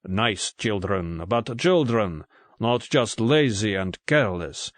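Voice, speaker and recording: A male audiobook reader voicing a proud, gruff Greek man with a deep voice. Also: animated, no room sound. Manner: measured, contemptuous. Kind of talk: audiobook character voice.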